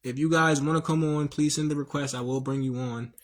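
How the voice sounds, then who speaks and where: A man's voice: a little high, fairly even intonation, fairly quick. A man hosting a livestream, preaching in a rambling, slangy way with many fillers and restarts. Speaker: livestream host. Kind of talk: casual livestream monologue.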